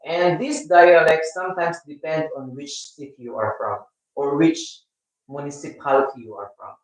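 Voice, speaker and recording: A man with a Filipino accent hosting a casual live stream, chatting with viewers in a rambling, halting way. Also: on the high side, steady tone. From Philippines. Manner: rambling, halting, with many restarts. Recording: echoey room, mic at a distance.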